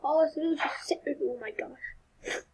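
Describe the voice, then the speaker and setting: A woman's voice: sits high, steady tone, very fast, darkish tone. A young woman commenting on a video game as she plays, turning panicky and often dropping to a whisper. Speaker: gaming video host. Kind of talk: live gameplay commentary.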